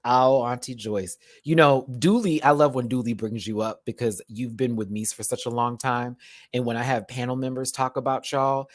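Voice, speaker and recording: Chatty southern guy on a livestream, animated, calls everyone baby, dry room. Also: mid-range voice, normal speed, no echo. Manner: animated, chatty, drawls terms of endearment. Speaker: YouTube host. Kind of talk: casual livestream chat. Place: hotel room.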